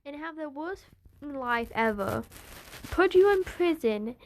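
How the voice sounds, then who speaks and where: Menacing, protective young man, as a woman puts him on, slow and emphatic. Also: high voice, expressive, background noise, exaggerated voice. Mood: threatening.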